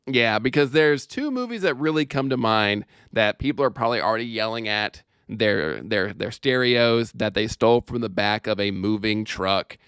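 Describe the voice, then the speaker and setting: Animated male podcast host, dry sound. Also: on the low side, clear, resonant tone, no room sound. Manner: jokey, animated, laughs often, quick asides. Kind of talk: casual chat.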